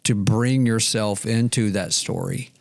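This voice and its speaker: A man's voice: fairly low pitch, a little slow, gravelly. A man co-hosting a faith podcast, telling stories in a reflective, self-deprecating way. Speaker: podcast co-host. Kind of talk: casual faith discussion.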